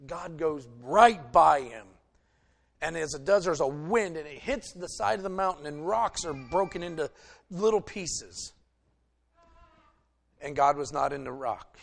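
A male preacher delivering a sermon, retelling a story and swinging between loud emphasis and hushed asides. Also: a little high, gravelly.

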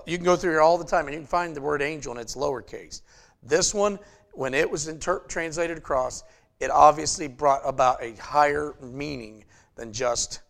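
A man preaching a sermon in a conversational way, checking in with "okay?" and building up to loud, emphatic passages. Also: fairly high pitch, creaky. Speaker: pastor.

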